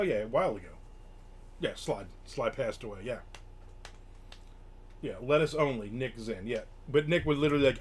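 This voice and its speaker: There's a breathy edge to this older man's mid-range voice as he streams from a room at home. In casual chat, he grumbles through a story and acts out the quotes.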